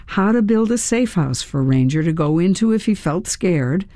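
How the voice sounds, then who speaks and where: A woman's voice: fairly low pitch, lively intonation, normal speed, dark tone, no room sound, studio quality. A woman narrating a first-person audiobook with a wry, dryly humorous manner.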